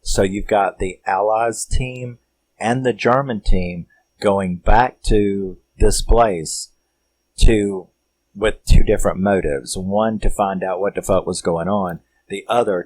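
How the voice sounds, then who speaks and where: Male film reviewer, very low voice, dry close recording, rambling and sweary. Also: steady tone, unhurried, darkish tone, dry recording, rough recording. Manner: rambling, profane, laid-back storytelling. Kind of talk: casual movie recap.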